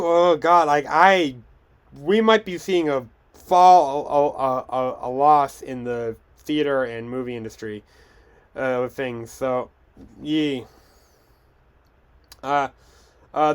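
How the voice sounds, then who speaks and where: A man's voice: on the high side, takes it slowly, smooth. A young man hosting a podcast, chatting casually through film news with frequent restarts and stumbles. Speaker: podcast host.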